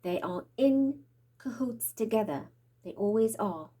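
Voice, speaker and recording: Here the woman reading the tarot has a fairly high, husky, mellow voice with lively intonation and an unhurried pace. She delivers her spiritual monologue like an urgent prophecy, trembling and short of breath, sometimes lowering to a whisper.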